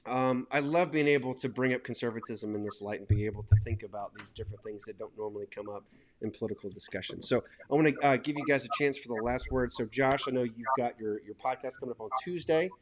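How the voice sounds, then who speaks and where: A man in his thirties hosting a casual panel discussion, telling stories in a rambling, animated way. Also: mid-range voice, fast, a crowd in the background. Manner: rambling, animated storytelling with laughs. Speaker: host.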